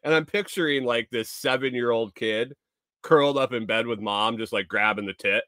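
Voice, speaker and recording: A man's voice: mid-range voice, moderate pace, sharp tone, dry recording, clean studio sound. A man telling a rambling, profane story in a casual vlog, sounding exasperated. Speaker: vlogger.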